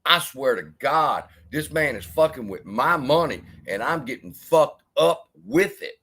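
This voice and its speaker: A man hosts his own livestream in a heated, profanity-filled rant. His pitch is mid-range but swings widely. He talks off the cuff, angry and worked up. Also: animated, measured pace, bright, forceful tone, slightly rough. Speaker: livestream host.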